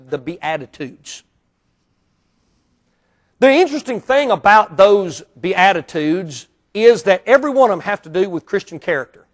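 With a high voice, a male Baptist pastor delivers an emphatic sermon in a church auditorium. He alternates between quiet asides and loud bursts.

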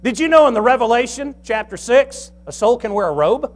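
A man preaching a sermon as pastor, folksy and joking, quizzing the congregation and slowing down to stress key lines. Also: very high-pitched, lively intonation.

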